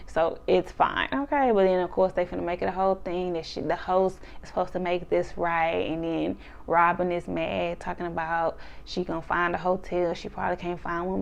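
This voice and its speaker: A woman chats through a reality show recap with a gravelly, creaky edge to her voice. She talks in an animated way and often slips into exaggerated voices for the people she quotes. The recording sounds dull and lo-fi. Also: fairly low pitch, normal speed. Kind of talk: casual episode recap chat.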